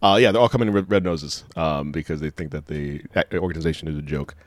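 A man's voice: extremely low pitch, fast talker, no echo. A man co-hosting a podcast, rambling playfully and laughing often. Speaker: podcast co-host. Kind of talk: casual wrestling podcast chat.

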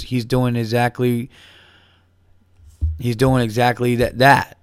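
A man's voice: medium pitch, little pitch movement, slow, long pauses, smooth, no echo, clean studio sound. A man hosting a podcast, a little buzzed, ranting profanely in a rambling casual monologue. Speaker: podcast host.

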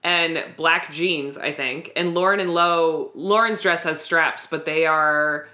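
A woman with a deep voice co-hosts a podcast, speaking slowly in a pushed, bright tone. She recaps a TV episode in casual, chatty, candid conversation and laughs easily.

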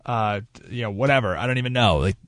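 A man's voice: fairly low pitch, fast talker, fairly bright tone, dry recording. A man hosting a radio talk show, delivering an opinionated monologue with emphatic restarts and asides, recorded on a studio microphone.

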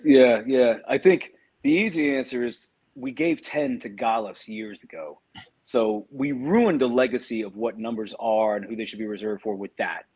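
Husky, dry-witted male co-host. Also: medium pitch, moderate pace, darkish tone. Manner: dry, sardonic asides. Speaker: podcast co-host. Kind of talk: casual football podcast chat.

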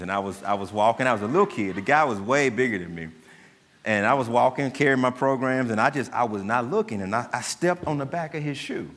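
A male pastor preaching a sermon in an animated way, often asking his listeners rhetorical questions. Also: on the low side, a little hiss or hum. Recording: long hall reverb.

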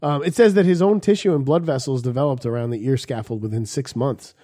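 A man's voice: medium pitch, a little fast, dark tone. A man co-hosting a crude, casual podcast, reading an article aloud and joking around. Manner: jokey, drops into silly put-on voices. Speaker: podcast co-host.

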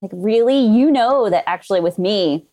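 A woman's voice: mid-range voice, expressive, moderate pace, mellow. A woman who is a veterinary anesthesia technician, a guest in casual podcast chat, friendly and matter-of-fact, laughing now and then.

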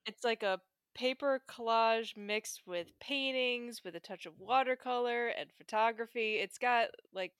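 A woman's voice: a little high, a little slow, a bit bright, smooth, no room sound. Enthusiastic female co-host, playful, dry close sound. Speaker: podcast co-host. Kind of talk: casual chat about picture books.

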